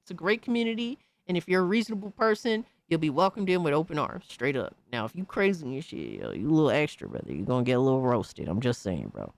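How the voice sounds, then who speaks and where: A man's voice: fairly high pitch, wildly swooping pitch, fast talker, creaky, hardly any pauses. Profane, mocking male streamer. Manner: blunt, profane and mocking, with frequent slang. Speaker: streamer host. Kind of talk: casual profane rant.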